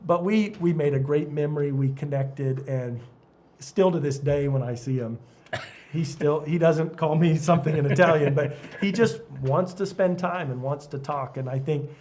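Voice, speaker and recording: A middle-aged man with a slightly raised pitch tells ministry stories in a relaxed podcast conversation. He is animated and laughs often as he talks, a youth pastor sharing what he learned the hard way. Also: normal speed. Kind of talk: casual podcast discussion.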